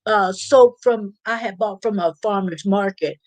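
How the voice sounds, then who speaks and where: A woman at an ordinary middle pitch talks casually through a live stream. She rambles, circles back on herself and laughs often. Her voice sounds close and dry. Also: unhurried, no echo, poor audio. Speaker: live stream host reading viewer chat. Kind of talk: casual live-chat talk.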